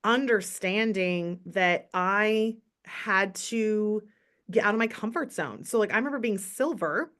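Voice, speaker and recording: A woman's voice: medium pitch, a little slow, a bit bright. A woman in her thirties telling her story in a chatty, motivational way on a casual team call. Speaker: direct sales team leader.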